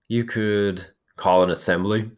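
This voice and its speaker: A man reading a novel aloud and voicing an anxious, fussy schoolboy with glasses in a high, shrill, pleading voice. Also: steady tone, a little slow, natural voice.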